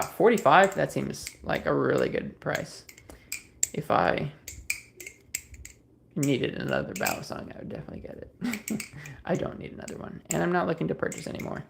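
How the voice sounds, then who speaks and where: A livestream host with a slightly high, vocally fried voice reads viewer comments aloud and responds to them. He rambles in an easygoing way with many fillers and restarts, over slight background noise.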